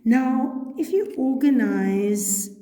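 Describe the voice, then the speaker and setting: A woman's voice: high voice, drawn-out words, warm tone. A woman teacher patiently walking students through a poem step by step, checking in with frequent okays. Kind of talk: recorded poetry lesson. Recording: echoey room with long reverb.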